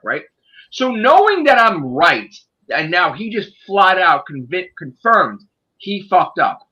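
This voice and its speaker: A man's voice: sits high, sing-song, slow, bright, forceful tone. A man casually discussing a movie on a podcast in a ranting, profane and emphatic way. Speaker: podcast host. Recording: dull lo-fi sound.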